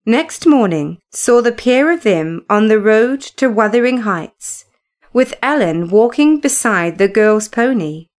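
A woman narrating a classic novel in a measured, even reading voice. She speaks slowly and deliberately, with a fairly high pitch. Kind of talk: scripted storybook narration.

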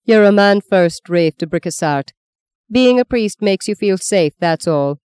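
A woman's voice: mid-range voice, lively intonation, a little slow, a little mellow, clean tone, no room sound, voice pushed up, natural voice. A woman voicing a scheming, sardonic old woman who speaks curtly and mockingly. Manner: mocking, curt, taunting.

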